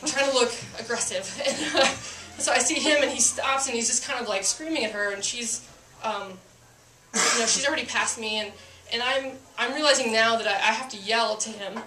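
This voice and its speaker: A woman's voice: on the high side, bright, forceful tone, echoey room, recorded from a distance, slight background noise. A woman who is a police officer telling a story to a live audience, chatty and self-mocking with lots of fillers.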